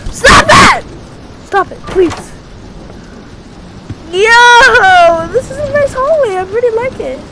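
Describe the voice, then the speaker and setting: Woman gamer, super slow drawly talk, playful and singsong, game sounds going in the back. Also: extremely high pitch, noisy background. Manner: playful, singsong, bursts into shrieks. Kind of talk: let's-play commentary.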